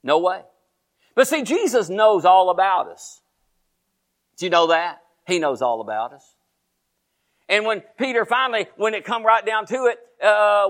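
A high-voiced man with a Texan accent preaches a sermon, telling the story animatedly and putting questions to the congregation.

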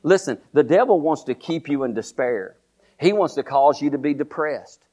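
Repeating lines and urging the congregation to join in, an older pastor delivers his sermon call-and-response style, frequently restarting sentences. He speaks at normal speed in a warm voice on the high side with lively intonation.

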